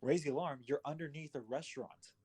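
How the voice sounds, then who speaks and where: Calm, firm man playing a tabletop game. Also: a little high, a little fast, breathy edge. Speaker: player. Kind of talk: in-character tabletop play.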